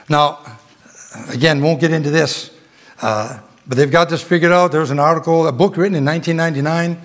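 A middle-aged man preaching a sermon, halting with restarts and fillers, then swelling with fervent emphasis. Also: a little high.

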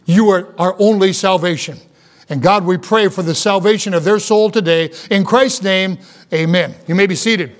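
A middle-aged pastor preaching a sermon. He has a high-pitched voice. His delivery is earnest and emphatic, and he hammers points home through repetition. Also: normal speed.

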